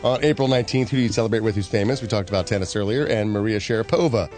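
A man's voice: lowish voice, very fast, darkish tone, soft background music. A man co-hosting a radio show, bantering casually and reading celebrity birthdays with wry quips.

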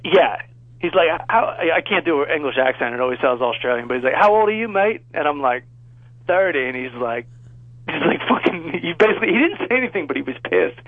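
A man's voice: fairly high pitch, animated, fast talker, no room sound, phone-quality sound. Rambling profane man in his thirties. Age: 30s. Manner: rambling, profane, laughing at own story. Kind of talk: casual storytelling chat.

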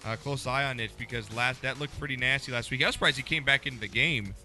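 A young man hosting a casual sports talk show, joking and moving briskly through segments. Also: mid-range voice, pushed and bright, faint music behind.

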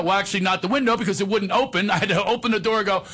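A man's voice: sits high, steady tone, very fast, bright, forceful tone, husky. A man, a comedian, telling a personal story in a conversation, laughing often and acting out what others said. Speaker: comedian guest.

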